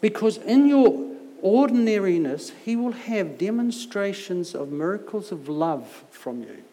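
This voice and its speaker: A man's voice: high voice, sing-song, measured pace, dark tone. A middle-aged man preaching a sermon, telling stories with humorous, self-mocking asides, heard in a church hall. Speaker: visiting preacher. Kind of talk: anecdotal sermon. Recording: long echo of a large hall.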